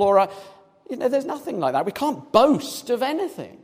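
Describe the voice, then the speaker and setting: A man preaching a sermon, animated, acting out little scenes in different voices as he reads and explains. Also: very high voice, moderate pace. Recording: long reverb of a large hall.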